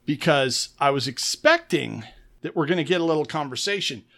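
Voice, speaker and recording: A man with a fairly high voice co-hosts a podcast, talking through a game session in a loose, excited way. He acts scenes out with playful mouth sound effects. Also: normal speed, gravelly. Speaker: podcast co-host. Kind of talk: casual chat recapping an actual-play game.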